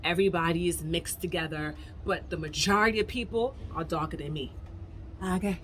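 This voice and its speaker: A woman's voice: lowish voice, fairly quick, fairly bright tone, a little hiss or hum. An American woman vlogger tells a story straight to camera in a casual, emphatic way, often calling out to her viewers as "y'all". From United States. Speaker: travel vlogger.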